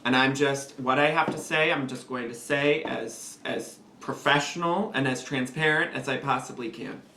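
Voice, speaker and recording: A man's voice: medium pitch, fairly even intonation, normal speed, pushed and bright, slight background noise. An actor playing an earnest male corporate HR rep assigned to an adventuring party, speaking in a stiff, would-be professional way. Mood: formal. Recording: roomy room sound.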